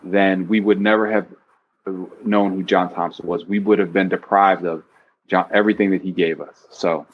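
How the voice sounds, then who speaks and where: A man's voice: low-pitched, steady tone, normal speed, slight background noise. A man talking as an author in a casual podcast discussion, earnest and reflective. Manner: earnest, reflective, quotes from the book. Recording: dull lo-fi podcast audio.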